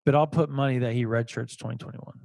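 A man's voice: mid-range voice, steady tone, quick pace, vocal fry, darkish tone, dry recording. A man hosting a casual sports podcast, chatty and often repeating words as he laughs his way through a point. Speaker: podcast host.

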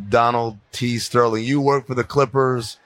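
A man's voice: medium pitch, fairly even intonation, normal speed. A man hosting a casual sports podcast who interviews his guest with joking, blunt asides. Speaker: podcast host.

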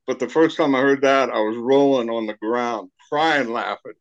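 A man, a guest on a podcast, reminiscing in a relaxed casual chat with some hesitations. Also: mid-range voice, moderate pace, muffled recording.

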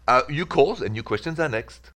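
A man from France with a French accent, hosting a relaxed, chatty call-in show about love and relationships. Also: fairly high pitch. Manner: relaxed, chatty, with filler pauses. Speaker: radio advice host. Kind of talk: call-in advice talk.

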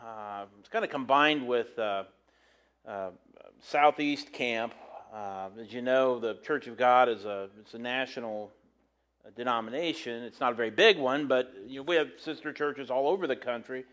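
Halting, folksy middle-aged man preaching. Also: medium pitch, a bit bright. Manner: rambling, halting, with many fillers and restarts. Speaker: pastor. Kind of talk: casual sermon storytelling.

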